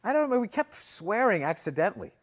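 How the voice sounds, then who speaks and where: A middle-aged man from Boston co-hosts a podcast, swearing through rambling anecdotes in casual storytelling chat. His voice sits high, sing-song and rapid-fire. He's profane and acts out other people's lines as he goes.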